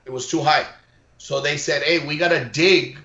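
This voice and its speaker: A man with a slightly high voice, chatting casually and chuckling through his stories while mixing in Spanish. The room sounds echoey and the audio is dull and lo-fi. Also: steady tone, normal speed, gravelly, sharp tone. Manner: chuckling, trades anecdotes in English and Spanish. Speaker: co-host. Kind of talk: casual chat.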